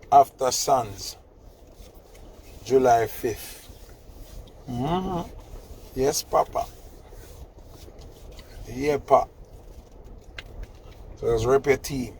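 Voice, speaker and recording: A man's voice: mid-range voice, darkish tone, slight background noise. A middle-aged man, telling a story in casual chat and teasing his son with laughing mock scolding.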